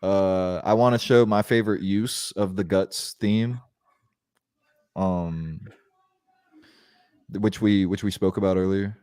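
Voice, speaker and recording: A man's voice: sits low, fairly even intonation, slow, pauses often, a little mellow, clear, resonant tone, no echo, studio quality. A man with a North Carolina accent, co-hosting a casual comedy podcast with loose, profane banter. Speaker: podcast co-host.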